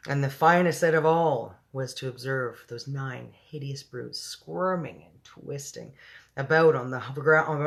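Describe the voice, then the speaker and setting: A woman reading a children's book aloud, breaking off for chatty asides and laughing at her own slips. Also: extremely low pitch. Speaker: storyteller.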